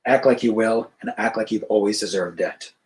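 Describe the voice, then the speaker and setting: A man's voice: on the low side, normal speed, a little mellow, natural voice. A man reading as a catty older socialite mentor. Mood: sardonic. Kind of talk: author reading his fiction aloud.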